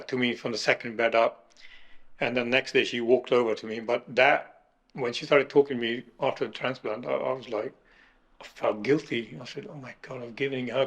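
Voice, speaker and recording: Halting, emotional man telling his story. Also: medium pitch, fairly even intonation, fairly bright tone. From United Kingdom. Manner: halting, emotional, fills with uh and restarts. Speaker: kidney transplant recipient, interviewee. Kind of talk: emotional personal account.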